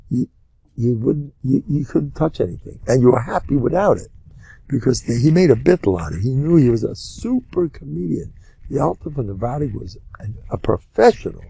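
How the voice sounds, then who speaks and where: Older man, rabbi, Torah lecture, humorous storyteller, gravelly voice, dry close sound. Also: mid-range voice, moderate pace, no room sound. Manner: animated, humorous storyteller who loudly acts out quotes.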